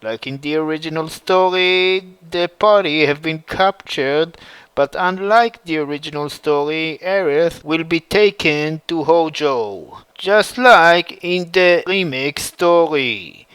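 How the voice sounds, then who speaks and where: A man narrating a fan story in a slow, plain, halting delivery. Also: on the high side, a bit bright, clean tone. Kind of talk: reading a fan story aloud.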